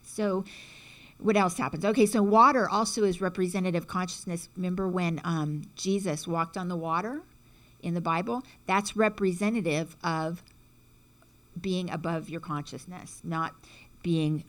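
Woman explaining stuff in a loose chatty way, keeps asking "right?", kinda low voice. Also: normal speed, fairly bright tone. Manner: chatty, frequent "right?" checks, acts out quotes. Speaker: teacher explaining symbolism. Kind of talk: casual spiritual talk.

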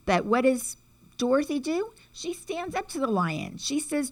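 A woman's voice: high voice, sing-song, normal speed, fairly bright tone. A woman giving a casual spiritual talk, chatting along and often checking in with "right?". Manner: chatty, frequent "right?" checks, acts out quotes. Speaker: teacher explaining symbolism.

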